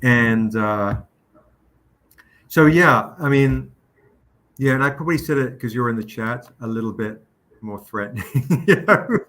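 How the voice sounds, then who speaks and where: A man's voice: medium pitch, measured pace, pauses often. Man telling a story on a livestream. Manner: animated anecdote with quoted voices. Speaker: comic publisher hosting a livestream. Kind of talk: casual storytelling chat.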